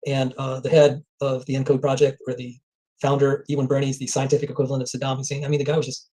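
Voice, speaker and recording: A man speaking as an interview guest, telling anecdotes in a rapid flow and often repeating words. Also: medium pitch, monotone, mellow, poor audio. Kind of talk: conversational interview.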